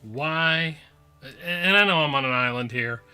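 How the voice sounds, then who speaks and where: A man's voice: a little high, lively intonation, unhurried, sharp tone, smooth, faint music behind. A man hosting his own podcast, talking casually and playfully with lots of repetition and asides. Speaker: podcast host. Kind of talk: casual solo review.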